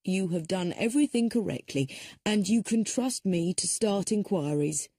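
A woman voicing a male police sergeant who talks in an even, official and reassuring way. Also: mid-range voice, normal speed, breathy edge, no room sound, clean studio sound. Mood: measured.

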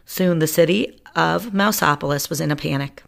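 Storyteller: woman, low pitch, gravelly texture, playful picture-book reading. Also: normal speed. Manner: playful, lively read-aloud.

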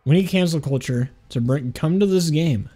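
A man's voice: fairly high pitch, moderate pace, dark tone. A man giving casual, rambling commentary while playing a video game, joking and often stopping himself with "hold on". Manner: rambling, jokey, keeps saying "hold on". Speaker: gaming channel host.

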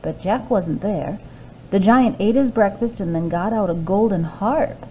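A woman librarian reading a fairy tale aloud to children, expressive with hushed asides. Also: mid-range voice, a little slow, slight background noise, rough recording.

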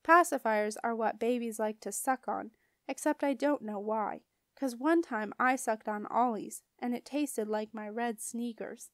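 A woman reading a children's book aloud with lively first-person child narration. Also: fairly high pitch, a little slow, dry recording, studio quality. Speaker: storybook reader.

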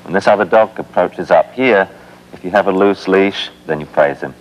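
A man's voice: low-pitched, normal speed, low-quality recording. A man, a dog trainer, firmly coaching a dog owner on how to handle the leash, on an older TV recording. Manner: instructive, firm.

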